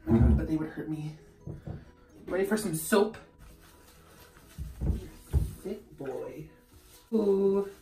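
A young man vlogging at home, talking to camera in an excitable way, laughing and yelping as he goes. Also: sits high. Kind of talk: casual chat to camera. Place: bathroom at home. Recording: echoey bathroom.

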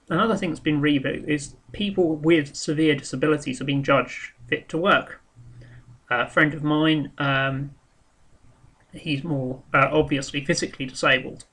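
Bright-voiced rambling man. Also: on the high side. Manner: rambling and frank, with many ums, restarts and swearing. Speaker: vlogger. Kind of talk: casual spoken monologue.

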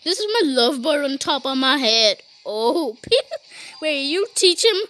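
Very high-pitched giggly woman gamer. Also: expressive, unhurried, fairly bright tone. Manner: giggly, says "beep" in place of swear words. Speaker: gaming YouTuber. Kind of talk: playful gameplay commentary with character banter.

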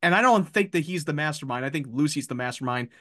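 A man's voice: on the high side, animated, fast, a bit bright. A man co-hosting a casual podcast, giving blunt opinions and laughing often. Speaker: podcast co-host. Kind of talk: casual chat.

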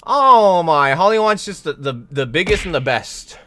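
A young man streaming a game in casual chat, swearing often, reading chat aloud and yelling at teammates while sore from a hurt leg. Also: on the high side, expressive, normal speed, slight background noise. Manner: profane, chatty, reads chat aloud and shouts at teammates.

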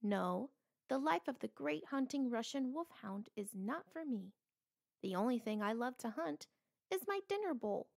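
A woman voicing a curious, adventurous male dog in a children's storybook, speaking in a lively, exclaiming way. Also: on the high side, unhurried, gravelly. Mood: playful.

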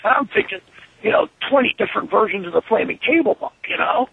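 A man in an interview, telling an animated, profane story and acting out what was said. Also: high voice, quick pace, creaky, slightly rough, no echo, narrow, tinny audio. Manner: animated, profane, acts out his own quotes. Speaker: interview guest.

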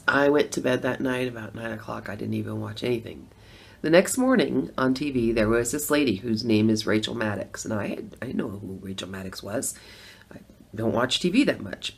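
A middle-aged woman telling her own story in a chatty testimonial vlog, laughing between lines and swinging from hushed to loud. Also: rumbling low, gravelly, slightly rough.

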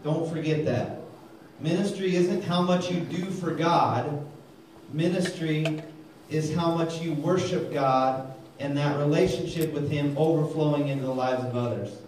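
A man's voice: on the high side, measured pace, slight background noise. Fiery preacher man in an echoey hall. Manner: energetic, calls for amens, tells jokes. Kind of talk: sermon. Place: church hall. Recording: very echoey hall, mic far off.

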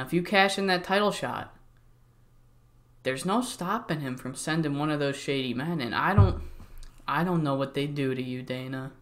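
A man voicing a woman wrestler who quietly threatens a rival in a low, hushed voice.

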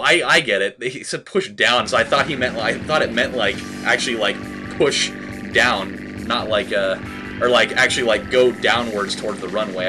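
A man giving casual gaming commentary. He rambles, swears, fills every pause with "like" and "dude", and shouts at the game when it goes wrong. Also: medium pitch. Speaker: let's play host.

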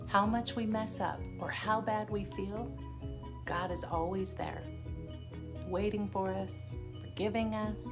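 A woman giving a short, gentle devotional talk that ends in a prayer. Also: mid-range voice.

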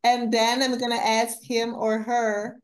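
A woman's voice: fairly high pitch, flat delivery, unhurried. A woman hosting a casual conversation, upbeat and friendly. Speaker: host.

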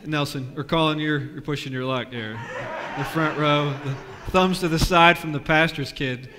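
A man leading a lively children's sermon, asking the kids questions in a church with a balcony. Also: fairly high pitch, moderate pace, background noise. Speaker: pastor. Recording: long reverb of a church.

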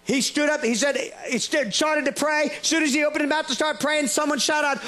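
A male preacher telling a lively story in a sermon, laughing often and restarting his sentences. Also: very high-pitched, a little fast, hardly any pauses.

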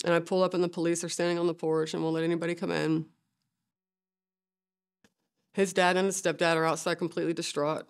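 A middle-aged woman, a bereaved mother, speaking haltingly with many fillers in a documentary interview. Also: lowish voice, level tone, smooth.

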